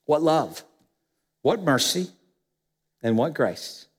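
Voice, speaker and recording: Male pastor, high-pitched and emphatic, preaching with rhetorical questions in a church with a long reverb. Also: sing-song, slow pace, slightly rough. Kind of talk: sermon. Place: church sanctuary.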